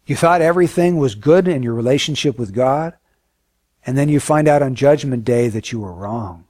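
Earnest high-voiced male preacher. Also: normal speed, no room sound, studio quality. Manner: earnest, emphatic, dropping to hushed solemn tones. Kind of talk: sermon.

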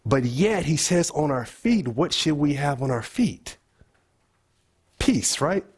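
A man's voice: on the high side, big pitch swings, slow, slightly rough. A man leading a bible study group, thinking aloud and putting questions to the group.

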